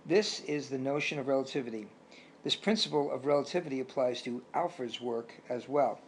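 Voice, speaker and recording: A man's voice: mid-range voice, brisk, slight background noise, natural voice. A man voicing an elderly male physics genius with a German accent, lecturing cheerfully in a storybook reading. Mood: explaining.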